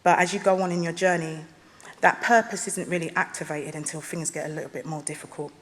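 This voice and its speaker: A woman giving an earnest, emphatic motivational speech at a graduation ceremony, stressing some phrases slowly. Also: low-pitched, steady tone. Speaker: honorary degree recipient giving a speech. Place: large ceremony hall. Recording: long hall reverb.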